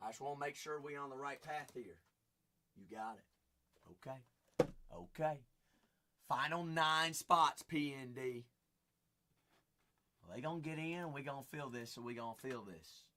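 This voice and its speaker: A man's voice: medium pitch, a little slow, long pauses, pushed and bright, a little hiss or hum. A young man with a Southern Kentucky twang, hosting a live card-break stream with folksy, hyped sales banter.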